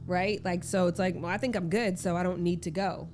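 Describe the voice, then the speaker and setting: A woman's voice: fairly low pitch, fairly even intonation, brisk, darkish tone, a little hiss or hum. A woman hosting a podcast, asking direct questions in casual conversation. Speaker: podcast host. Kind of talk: casual interview.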